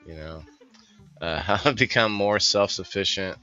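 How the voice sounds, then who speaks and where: A man's voice: low-pitched, unhurried, bright, forceful tone, muffled recording, soft background music. A male host in casual, jokey chat, rambling through news items and putting on silly accents.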